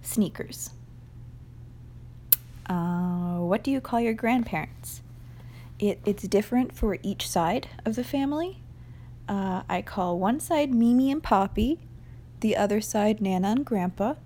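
A woman's voice: medium pitch, a little slow, pauses often, a little hiss or hum. Chatty New England woman vlogging. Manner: chatty, hesitant, with frequent fillers and soft laughs. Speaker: vlogger answering an accent challenge. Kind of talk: casual chat.

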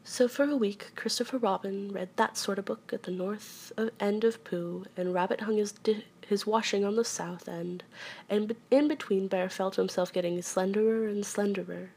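A woman reading a children's storybook aloud in a soft, hushed voice that often drops to a whisper. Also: medium pitch, fairly even intonation, normal speed, vocal fry, breathy edge.

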